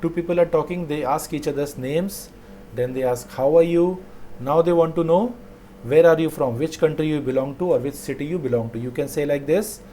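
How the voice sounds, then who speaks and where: A man teaching a language lesson, saying each phrase slowly twice and then explaining it. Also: on the high side, dark tone, slight background noise.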